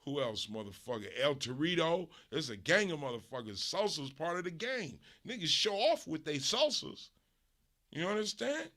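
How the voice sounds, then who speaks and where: At a moderate pace, a middle-aged stream host from Los Angeles launches into a profane, animated rant of a comic story, with dramatic shifts in pitch and volume.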